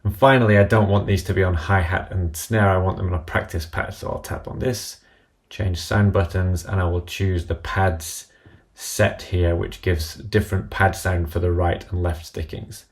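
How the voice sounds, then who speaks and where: A man calmly explaining an app step by step in a screen-recorded tutorial voice-over. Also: low voice, moderate pace.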